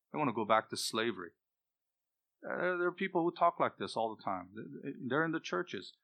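A man delivers a sermon in an impassioned, emphatic style, his voice pushing hard to loud peaks on the points he stresses. His tone is bright and forceful, and his pitch sits in the middle range. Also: very animated, a little fast, vocal fry. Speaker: preacher.

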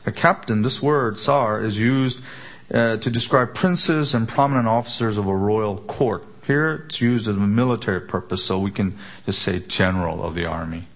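Preacher, male, lowish voice, emphatic expository delivery with rhetorical questions. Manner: emphatic, rhetorical questions, slows for key words. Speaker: pastor. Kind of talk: expository sermon.

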